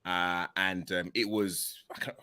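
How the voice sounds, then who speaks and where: A man's voice: deep voice, little pitch movement, unhurried, pushed and bright, clean tone. A man hosting a casual video chat, talking eagerly and filling his speech with "literally" and "like". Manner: enthusiastic, repeats "literally" and "like" a lot.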